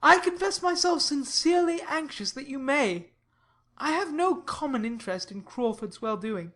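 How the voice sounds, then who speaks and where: Earnest young gentleman, read by a woman, measured and persuasive, pitched a bit high, classic audiobook. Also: lively intonation. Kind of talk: audiobook reading of a classic novel.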